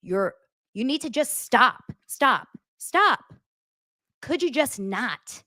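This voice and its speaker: Brief: a woman playing a fed-up female publicist, scolding in a rising sing-song, swinging pitch. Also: sing-song, slow pace, pushed and bright, no room sound, studio quality, exaggerated voice. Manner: sing-song, climbing higher each repeat.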